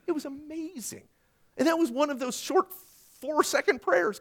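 A male pastor preaching a sermon in a conversational way with personal stories, swinging from loud, emphatic lines to hushed ones. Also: very high-pitched, moderate pace.

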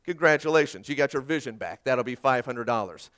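Man doing a deadpan crafty old doctor. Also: mid-range voice, a little fast, voice pushed down, lightly acted. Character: old retired male doctor, dry and crafty.

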